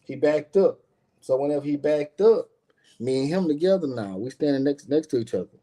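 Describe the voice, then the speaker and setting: A man telling a tense personal story in casual talk, animated, acting out quotes, with many fillers and swearing. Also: a little high, a little fast. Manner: animated, acts out quotes, frequent fillers and profanity.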